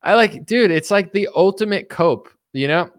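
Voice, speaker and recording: Man, commentary streamer, mocking, filler-heavy talk, slightly high voice, dry close sound. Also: animated, dry recording. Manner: rapid, mocking, full of fillers; acts out mocking quoted voices. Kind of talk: casual political commentary.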